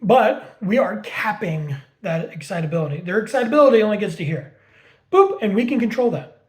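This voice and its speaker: A man's voice: sits high, lively intonation, fairly quick, darkish tone. Blunt, swearing man explaining dog training. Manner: blunt, swears freely, explains with homemade analogies; repeats words for emphasis. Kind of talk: casual teaching talk.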